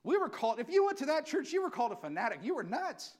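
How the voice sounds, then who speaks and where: A man with a high, lively voice preaches to his congregation. He talks casually and with passion, and his pitch swings widely as he acts out the people he quotes. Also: quick pace. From California. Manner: impassioned, conversational preaching with acted-out quotes. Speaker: pastor. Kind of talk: sermon.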